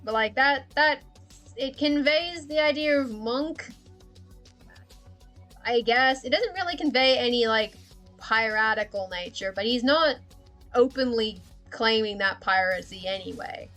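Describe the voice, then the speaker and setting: A woman's voice: fairly high pitch, unhurried, fairly bright tone, faint music behind. A woman chatting casually on a livestream while she draws, rambling, thinking aloud and often giggling. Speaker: streamer.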